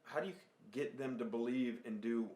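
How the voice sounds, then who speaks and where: A man in a podcast conversation, speaking in a relaxed, affirming and thoughtful way. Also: medium pitch, moderate pace. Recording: roomy echo.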